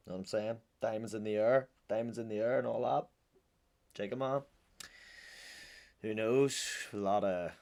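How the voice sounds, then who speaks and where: Man, Northern Irish accent, low-pitched, chatty, joking reaction host. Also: a little mellow. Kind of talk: reaction commentary.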